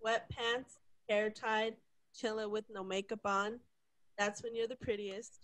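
A woman co-hosting a casual podcast, playful and quick to laugh. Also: mid-range voice, steady tone, fairly bright tone. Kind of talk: casual chat.

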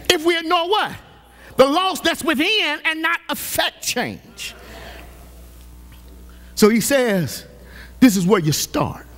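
Male pastor, high lively voice, slow deliberate preaching with shouted peaks. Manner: preaching with shouted rises and playful teasing of the congregation. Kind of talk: sermon. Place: church sanctuary.

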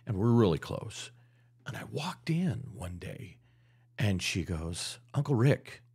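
Deep and husky, this middle-aged Utah man takes his time as a real estate guest in a relaxed podcast chat. He's an animated storyteller who performs the voices of the people in his tales.

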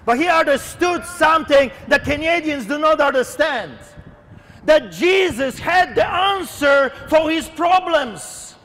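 High, fervent shouting street preacher man. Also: animated, measured pace, in a large hall. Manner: fervent, declamatory, often shouting. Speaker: street pastor. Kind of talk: open-air street sermon. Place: outdoors in the wind.

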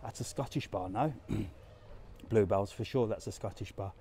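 A low-leaning, mellow male voice at a moderate pace, with slight background noise. The speaker is a travel vlogger streaming live as he walks the streets and squares of a resort town, casually chatting and answering comments.

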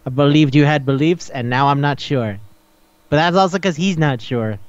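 A man's voice: fairly high pitch, moderate pace, dull audio. A man co-hosting a podcast who chats casually, recaps stories with energy, acts out quotes and swears freely. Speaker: podcast co-host. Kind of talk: casual chat.

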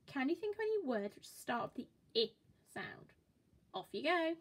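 A woman teaching a children's phonics lesson, modelling each sound slowly and cheering the listener on. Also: high voice, very animated. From England. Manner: slow, encouraging, exaggerated sound-by-sound modelling.

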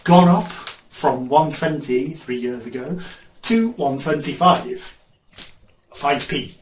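A rambling, chatty man with a slightly high voice talks through his shopping haul, laughing often and chewing as he talks. The room is echoey, with a faint hiss behind him. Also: lively intonation, takes it slowly. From England. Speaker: vlogger. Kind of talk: casual haul video chat.

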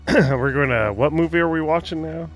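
A young man giving joking, animated commentary over a video game. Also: fairly high pitch, normal speed, faint music behind. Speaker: gaming YouTuber. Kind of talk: let's play commentary.

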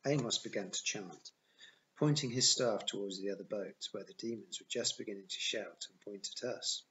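Casting: a man reading a novel aloud, plain first-person narration, lower voice, dull lo-fi sound. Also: normal speed, pushed and bright. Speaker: audiobook reader.

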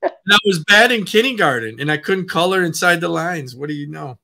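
A man's voice: fairly high pitch, lively intonation, a little fast, creaky, pushed and bright. A man in a casual chat who tells easygoing, self-deprecating stories.

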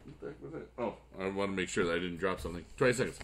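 A young man from upstate New York hosting a casual gaming video, chatting while reading fan mail and bursting into excited cheers. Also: deep voice, racing, a little hiss or hum. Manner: excitable, swings into loud shouting cheers. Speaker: YouTube gaming channel host.

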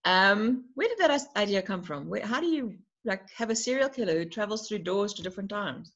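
A woman's voice: medium pitch, animated, fairly quick, fairly bright tone. A woman hosting an online interview, asking enthusiastic questions over a video call. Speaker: interview host. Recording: dull lo-fi online call audio.

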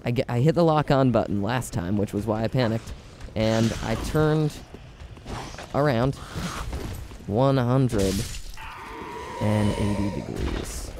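Animated, drawling gamer man. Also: on the low side, slow pace, long pauses, a little hiss or hum. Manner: dramatic, whiny self-pitying asides. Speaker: let's play gamer. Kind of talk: casual gameplay commentary.

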